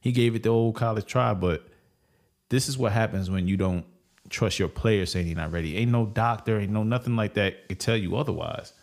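Male sports talk co-host, low voice, blunt and slangy. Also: moderate pace, a little mellow. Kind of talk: casual opinionated sports talk.

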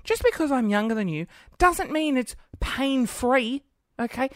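A woman of thirty rants through a casual podcast monologue, exasperated and swearing freely as she acts out little scenes. Her pitch swoops up and down with lively animation. The recording is dry and close, made at home beside her computer. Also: measured pace, dry recording. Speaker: podcast host.

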